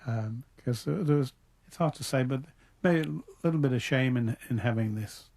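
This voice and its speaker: A man's voice: mid-range voice, normal speed, vocal fry, darkish tone. An older man from Liverpool with a Liverpool accent, thinking back as an interview guest with frequent restarts. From Liverpool, England. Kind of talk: radio interview.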